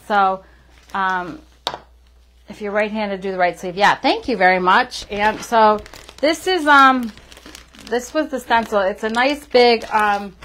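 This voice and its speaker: A woman's voice: medium pitch, fairly bright tone. A woman hosting a casual live-stream craft demo, chatting to viewers with lots of fillers. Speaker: craft tutorial host.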